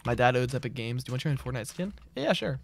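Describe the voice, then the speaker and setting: A man live-streams a game, chatting casually while reading out and answering messages from his chat. His medium-pitched voice races along over a noisy background of game music and keyboard typing.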